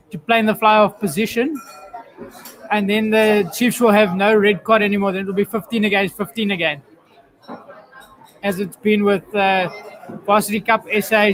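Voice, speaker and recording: A man with a noticeably high voice calls a rugby match for his live stream audience. He is chatty and self-mocking, and he laughs easily as he reads viewer chat. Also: fairly bright tone, rough recording. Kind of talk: casual live commentary reading viewer chat.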